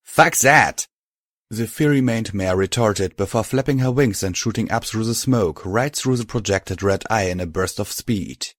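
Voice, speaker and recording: Low-voiced guy reading a story, steady and even, dry mic. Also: normal speed, hardly any pauses, dry recording. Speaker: audiobook narrator. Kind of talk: scripted narration.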